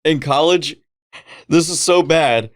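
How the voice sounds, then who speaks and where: A man's voice: on the high side, takes it slowly. A man co-hosting a podcast in casual film chat, laid-back and joking, laughing often. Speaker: podcast co-host.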